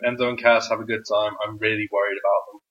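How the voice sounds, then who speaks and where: A man co-hosting a casual wrestling chat, animated, swearing and often bursting into loud impressions of wrestlers. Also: lowish voice, quick pace. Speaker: podcast co-host. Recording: dull lo-fi sound.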